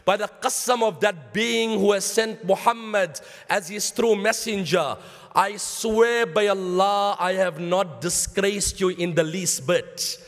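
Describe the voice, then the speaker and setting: An Islamic lecturer with a South African accent delivers a sermon in a mosque, his voice high and his pace slow. He tells stories, calls his listeners brothers, and weaves in Arabic phrases, all carried by the long reverb of the mosque hall.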